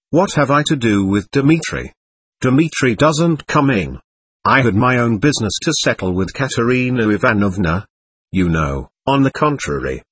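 A man's voice: mid-range voice, fairly bright tone, husky, no echo. A man reading a bitter, irritable young man in an audiobook, speaking in a sardonic, snapping way. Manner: sardonic, snapping, self-mocking.

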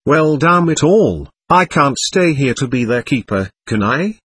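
A man's voice: medium pitch, big pitch swings, unhurried, fairly bright tone, husky, exaggerated voice. A man reading a bitter, irritable young man. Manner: sardonic, snapping, self-mocking. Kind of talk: audiobook character reading.

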